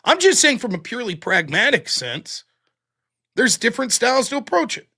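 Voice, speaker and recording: A man's voice: very high-pitched, very animated, normal speed, bright, forceful tone. A man hosting a livestream commentary show, talking bluntly and swearing freely. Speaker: host.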